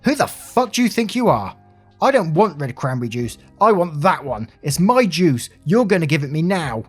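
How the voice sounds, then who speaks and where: A whiny, furious middle-aged woman shopper who wants what she wants, right now. Her voice climbs high and loud, with a man acting her out. She is shrill, petulant and demanding, in a reddit story narration with soft music underneath. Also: very animated, moderate pace, husky.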